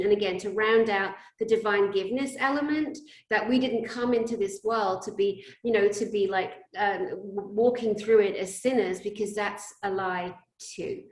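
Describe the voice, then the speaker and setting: Woman, interview host, animated storyteller, medium pitch, roomy echo. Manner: animated, acts out scenes in shouted quotes. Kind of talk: spiritual interview talk.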